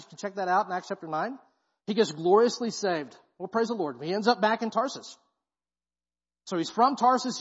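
A high-pitched man preaches a sermon in a church sanctuary, his husky voice carrying a long hall reverb. He talks in a casual, slangy way and keeps checking in with the congregation. The sound is dull and muffled. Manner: casual, slangy preaching with frequent "right?" asides. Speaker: guest pastor.

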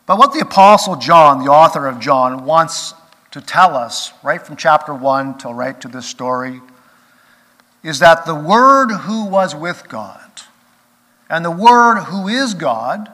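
Male pastor, sermon delivery, earnest with emphatic swells; slightly high, bright voice. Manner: earnest, rising to emphatic peaks then dropping quiet. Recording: long reverb of a large hall.

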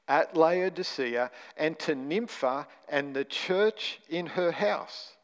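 Man preaching in a reverberant hall. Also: on the high side. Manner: emphatic, stresses single words, rhetorical questions. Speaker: pastor. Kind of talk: sermon.

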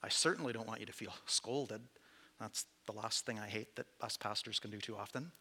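A man's voice: lowish voice, brisk, bright, forceful tone, slightly rough. A man preaching as pastor to his church, candid and conversational, with self-deprecating asides. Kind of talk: sermon.

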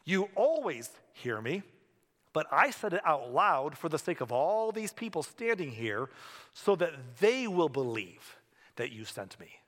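A man voicing a calm, commanding teacher who prays and speaks slowly and solemnly. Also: fairly high pitch. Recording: long hall reverb.

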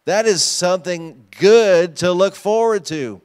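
A man's voice: high voice, unhurried, a little mellow, clear, resonant tone. A pastor preaching a sermon to his congregation, emphatic and often asking them questions. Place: church sanctuary.

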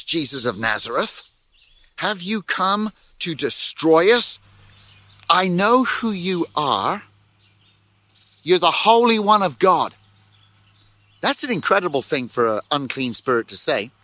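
Animated male pastor preaching. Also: sits high, no echo. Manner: animated, repeats words, rhetorical questions. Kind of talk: sermon.

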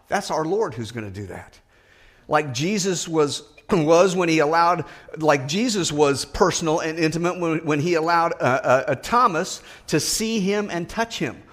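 A middle-aged man preaching a sermon, earnest and emphatic, rising higher on the words he stresses. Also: expressive, normal speed, fairly bright tone.

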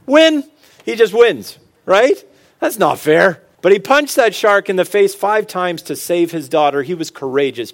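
Addressing fellow dads, a middle-aged man with a somewhat high voice gives a funny motivational talk on fatherhood. He mixes jokes and stories with sincere, earnest asides.

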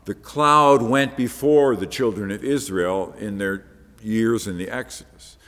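A man's voice: fairly low pitch, unhurried, a bit bright. Preacher man in a reverberant hall. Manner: conversational, explaining step by step. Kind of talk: Bible-teaching sermon.

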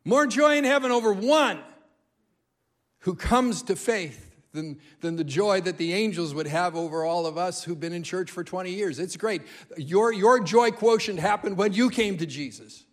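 Animated, high-voiced male preacher. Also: moderate pace, hardly any pauses. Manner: animated storytelling, emphatic repetition. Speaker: guest preacher. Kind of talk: sermon.

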